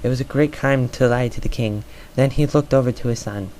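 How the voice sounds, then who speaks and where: A man's voice: mid-range voice, brisk, darkish tone, a little hiss or hum, low-quality recording. A man doing an amateur audiobook reading, stumbling over words and filling gaps with "uh". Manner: stumbling, filler-heavy reading. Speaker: reader.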